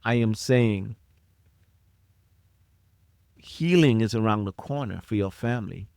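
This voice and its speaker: Low-ish, creaky and darkish, the voice of a middle-aged man moves slowly through a solo podcast rant. He lectures his listeners with passion, restating his points for emphasis. The tone is clean, with no echo and studio quality.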